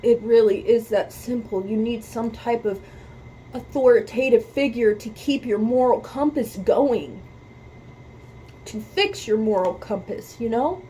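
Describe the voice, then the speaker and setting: A woman's voice: fairly high pitch, measured pace, pauses often, warm tone, a little hiss or hum, rough recording. A woman hosting a music reaction video, talking earnestly about faith and repeating her points for emphasis, close to tears. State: emotional, near tears. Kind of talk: heartfelt talk to camera about faith.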